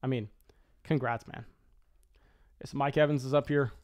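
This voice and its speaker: A man giving live commentary on a fantasy football auction draft, talking quickly and excitably with frequent stammered restarts. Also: medium pitch.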